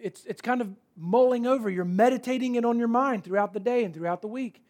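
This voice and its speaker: High-voiced preaching man. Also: brisk, a little mellow. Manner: conversational, emphatic preaching with repeated key words. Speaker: pastor. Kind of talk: sermon.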